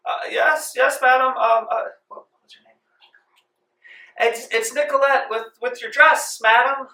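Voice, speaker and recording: Put-upon housemaid played by a man for a tabletop game; bright, weary, recorded far off in a roomy space. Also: sits high, steady tone, a little slow, pitched above the performer's own voice. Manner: tired and flustered. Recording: echoey room from far off.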